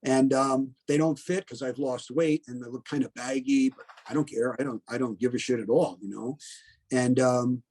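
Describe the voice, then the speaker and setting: A man's voice: mid-range voice, steady tone, moderate pace, darkish tone. A man in his seventies from Connecticut, a veteran telling his story in a plainspoken, blunt way, often in the present tense and with plenty of "you know". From Connecticut, USA. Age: 70s. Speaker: veteran interviewee. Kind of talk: oral history storytelling.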